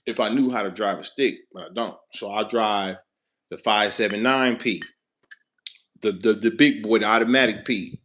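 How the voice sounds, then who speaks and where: A man's voice: fairly low pitch, normal speed. A man, a truck driver telling a rambling, profane story in casual talk. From Chicago, West Side. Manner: animated, cursing, laughing, rambling.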